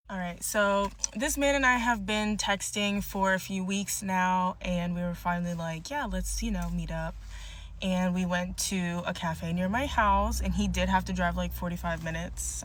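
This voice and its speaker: A woman's voice: mid-range voice, a bit bright. A woman telling a bad-date story to camera in a dramatic, sassy way, talking straight to viewers. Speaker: vlogger.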